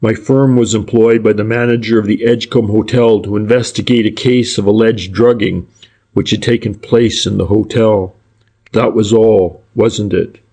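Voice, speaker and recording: A man's voice: lowish voice, fairly even intonation, moderate pace, dark tone. A man voicing a furtive, civil private detective in an audiobook, speaking in a polite, deferential and roundabout way. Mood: deliberate. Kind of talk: audiobook character reading.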